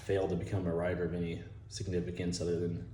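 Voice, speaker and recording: A man rambling casually with lots of swearing about movie ideas, talking in an animated, chuckling way. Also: sits low, quick pace, echoey room, slight background noise. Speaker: movie vlogger.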